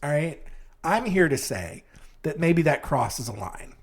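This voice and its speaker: Animated, rambling comedy podcast host man. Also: a little slow. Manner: rambling, self-mocking, with sudden jumps in pitch. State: sleepy. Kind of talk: comedic true-crime monologue.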